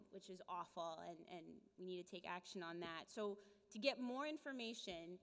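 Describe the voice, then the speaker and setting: Upbeat woman host, mid-pitched, announcing from a stage mic in a big reverberant conference hall. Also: a bit bright. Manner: upbeat, cheers the crowd on.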